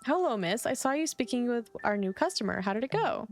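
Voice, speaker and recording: A woman reading a calm, formal tea keeper. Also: a little high, brisk. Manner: calm, polite, odd formal grammar.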